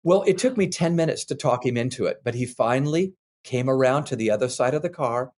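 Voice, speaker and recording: An older man, a parenting expert, telling earnest, animated anecdotes as a guest in a candid interview. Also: mid-range voice, brisk.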